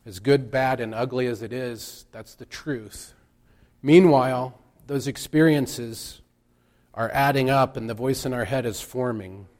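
A man preaching a reflective sermon at an unhurried pace. He speaks in measured phrases and stops often to let a point land. His voice sits at an ordinary middle pitch. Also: darkish tone. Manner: slow, measured, with pauses for emphasis.

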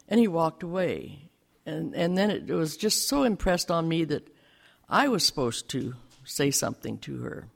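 A man's voice: on the high side, big pitch swings, normal speed, creaky. An older man telling a personal testimony to a church congregation, bringing the story to life by acting out the dialogue. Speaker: lay speaker giving a testimony in church.

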